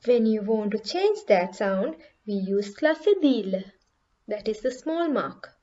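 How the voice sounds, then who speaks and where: A woman's voice: medium pitch, very animated, unhurried, mellow, muffled recording. A woman teaching a beginner language lesson, saying each example word carefully and repeating it for learners to copy. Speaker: French teacher.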